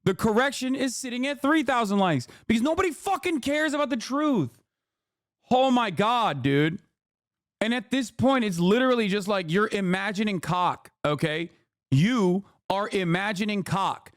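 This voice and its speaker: A man's voice: sits high, animated, moderate pace, no echo, clean studio sound. A male streamer in a profane, exasperated livestream reaction rant.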